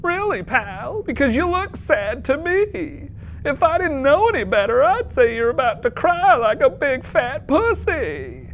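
Man voicing a shrill comedy bully, high and lively, sneering. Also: a little slow, slight background noise, heavily acted, low-quality recording. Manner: sneering, taunting.

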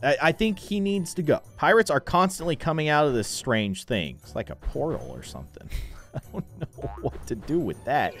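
A man hosting a gaming video, giving playful, joking commentary as he plays. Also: mid-range voice. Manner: animated, joking, mock-annoyed.

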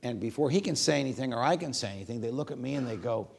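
A man speaking as a guest in an interview, measured with frequent pauses, telling anecdotes. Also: mid-range voice, expressive, gravelly, a little mellow, breathy edge. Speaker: guest legal commentator. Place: stage at a university event.

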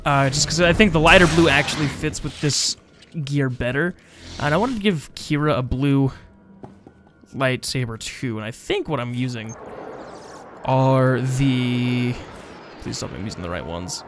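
A man's voice: medium pitch, lively intonation, a little slow, music in the background. A tired young man rambling casually while playing a game, yawning and mocking his own stumbles. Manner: rambling, self-mocking, drowsy. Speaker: gaming channel host. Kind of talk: casual let's-play commentary.

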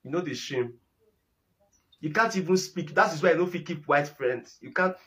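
A man's voice: fairly high pitch, normal speed, fairly bright tone. A young Nigerian man giving mocking commentary on a video, laughing and repeating himself as he teases. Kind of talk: mocking commentary in Pidgin and English.

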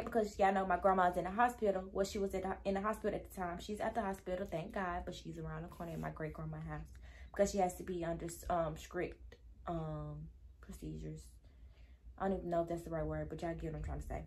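A young woman vlogger tells her viewers a casual storytime, chatty and easily sidetracked, acting out the quoted dialogue. Her voice sits on the low side, steady in tone and quick in pace.

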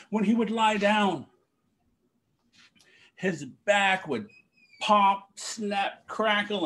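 A male storyteller with a high, lively voice that swoops widely as he tells a traditional tale. He takes his time and acts out the story with spoken sound effects. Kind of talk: oral storytelling for young people.

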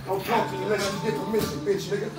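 A man's voice: high-pitched, little pitch movement, rapid-fire. A man in a heated public argument, angry, profane and confrontational. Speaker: bystander in an argument. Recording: echoey, far from mic, loud music.

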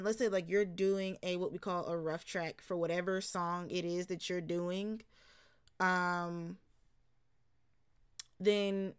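A woman's voice: medium pitch, clear, resonant tone. A tired woman vocal coach talks loosely through a reaction video. She yawns between thoughts and fills her sentences with casual fillers and restarts, chatting more than lecturing. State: tired and yawning.

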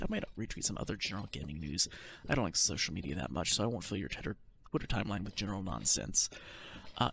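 A man's voice: fairly low pitch, creaky, a bit bright, a little hiss or hum. A man hosting a gaming channel, chatting casually and reading a text aloud, tripping over words and adding wry asides. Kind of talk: casual let's-play outro and reading aloud.

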